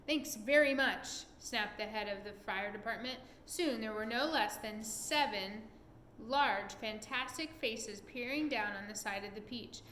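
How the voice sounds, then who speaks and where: Mom reading a kids book out loud, bright voice, echoey room with faint hiss. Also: female voice, a little high, unhurried. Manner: expressive, animated reading. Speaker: parent reading aloud. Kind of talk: reading a children's book aloud.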